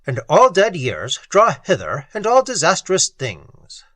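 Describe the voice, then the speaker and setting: A narrator voicing Doctor Middleton, a cool, analytical male psychiatrist with a measured, clinical manner. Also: medium pitch, huge pitch swings, fairly bright tone, no echo, pitched above the performer's own voice.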